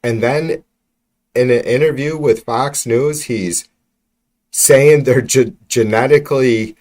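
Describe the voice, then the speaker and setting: A man's voice: medium pitch, slow pace, darkish tone. A man hosting a livestream, ranting about politics in a profane, exasperated way with lots of restarts. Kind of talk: casual ranting livestream commentary. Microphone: computer mic while streaming.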